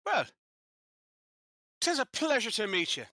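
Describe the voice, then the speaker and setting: Man playing a rambling irish stage magician, high and bright, lively lilt. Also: a little slow, no echo, clean studio sound, full character voice. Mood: cheerful. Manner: rambling, folksy, lilting.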